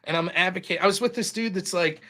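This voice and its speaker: A man holds forth as a podcast guest. His voice is high and sharply bright. He talks with animated, profane energy and acts out quoted exchanges in different tones as he goes. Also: quick pace. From outside the United States. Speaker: podcast guest taking over the show. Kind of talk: casual podcast chat about debating.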